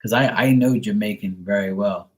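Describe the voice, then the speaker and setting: A man with a slightly low voice talks loosely on a live stream, full of swearing and easy laughter. He rambles freely, like a casual chat with viewers. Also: normal speed, darkish tone. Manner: loose, profane and laughing, imitates accents. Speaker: live tarot reader and streamer.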